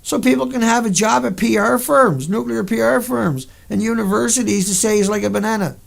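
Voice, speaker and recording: A man's voice: high-pitched, a little fast, creaky. A man hosting a video, delivering an angry monologue over pictures in a furious, profane rant full of sudden outbursts. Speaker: video host.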